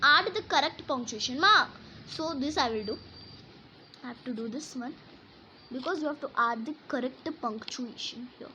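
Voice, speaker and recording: A woman's voice: high voice, normal speed, pushed and bright, slight background noise, low-quality recording. A woman teaching a grammar lesson, explaining and reading example sentences aloud with emphasis.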